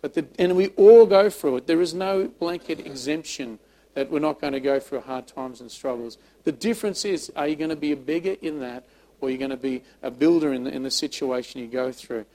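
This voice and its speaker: A man preaching a sermon. His delivery is emphatic, he repeats words, and he swings between loud and soft. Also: fairly high pitch, brisk, rough recording. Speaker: pastor.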